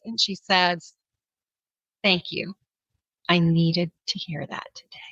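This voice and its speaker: Woman on a podcast, bright voice, dry and kinda dull sound, laughs a lot telling her story. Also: lowish voice, dry recording. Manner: animated, laughs often, acts out quotes. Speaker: podcast guest, kindness speaker.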